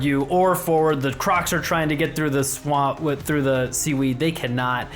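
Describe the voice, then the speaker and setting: A man's voice: fairly high pitch, fairly even intonation, moderate pace, hardly any pauses, soft background music. A man narrating as game master of a tabletop game, easygoing and loose. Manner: easygoing, many fillers and restarts.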